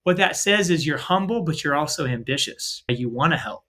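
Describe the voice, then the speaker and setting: A man co-hosting a faith-based podcast, talking in a casual, upbeat, energetic way. His voice sits a bit high and rings bright and forceful. He leans on fillers and acts out little dialogues as he goes. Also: normal speed. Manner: lots of filler 'like' and 'right?'. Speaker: podcast co-host.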